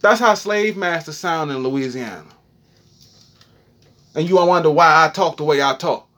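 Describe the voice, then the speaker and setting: A man's voice: on the high side, animated, measured pace, a bit bright. A young man giving a heated, profane, preachy freestyle rant monologue.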